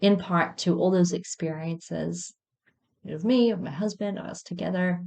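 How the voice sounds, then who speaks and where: This podcast host, a woman in her thirties, speaks a little slowly in a lowish, steady, creaky voice. Her monologue is a candid, reflective personal story sprinkled with gentle self-mocking laughs.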